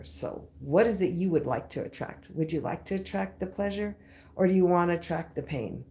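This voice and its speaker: Woman, 30s, live-stream host, casual motivational talk, emphatic and slangy, lower voice. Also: normal speed. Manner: lively and emphatic, with repeated phrases and slang.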